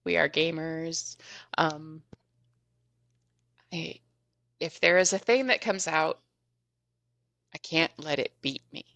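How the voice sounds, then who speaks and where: A woman podcast guest telling a story in an animated, chatty way, often laughing as she goes. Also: low-pitched, slow, long pauses, dry recording. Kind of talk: casual storytelling.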